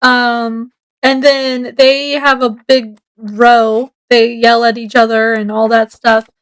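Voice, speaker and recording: A woman's voice: on the high side, flat delivery, takes it slowly, clean tone, poor audio. A woman reviewing a book casually, summarizing the plot in a chatty, meandering way with many fillers.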